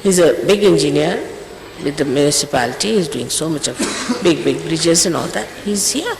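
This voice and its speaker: Her voice is low and a little mellow, with lively intonation, vocal fry and normal speed. She is an older spiritual teacher giving her followers an informal, emphatic telling-off before a ceremony, often repeating herself. An old tape recording from an echoey hall, faintly hissing.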